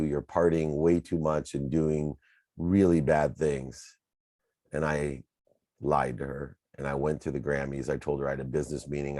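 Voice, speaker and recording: A man with an extremely low, mellow voice tells his own story as a motivational talk. He speaks earnestly and with emphasis, stacking his points in repeated lists. The sound is dry and close, with no room around it. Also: no echo.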